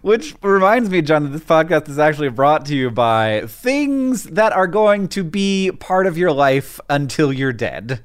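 A man's voice: sing-song, a little slow, few pauses, smooth. A man in his forties co-hosting a podcast, chatting casually and playfully, with comic mock sponsor reads. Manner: playful, jokey, pitch jumping up for emphasis. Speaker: podcast co-host.

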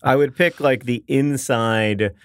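Middle-aged guy cohosting a podcast, wry and rambly, mid pitch, dead dry mic. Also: takes it slowly, smooth, no room sound. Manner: wry, rambling, laughs easily. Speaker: podcast co-host. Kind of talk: casual chat.

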